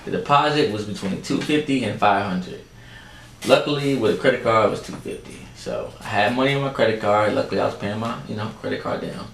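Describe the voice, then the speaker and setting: A man hosting a podcast, telling a story in a chatty, animated way and talking straight to his listeners. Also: on the low side, a little fast, gravelly. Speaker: podcast host. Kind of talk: casual storytelling chat. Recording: echoey room, faint background noise.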